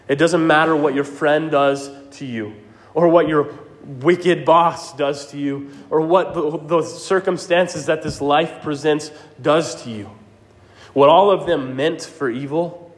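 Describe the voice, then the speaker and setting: A man's voice: fairly high pitch, slow pace. A man preaching a sermon as pastor, earnest and emphatic, often checking in with the congregation. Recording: reverberant hall sound.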